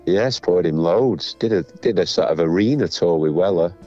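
A musician guest with a Northern English accent rambles through a casual anecdote, using lots of fillers in a deep, mellow voice at normal speed. The recording is dull and lo-fi, with faint music behind him.

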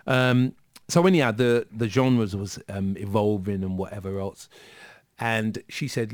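A man's voice: on the low side, steady tone, normal speed, no echo. A man telling a story as a guest in a casual interview, with lots of fillers and restarts. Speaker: guest musician.

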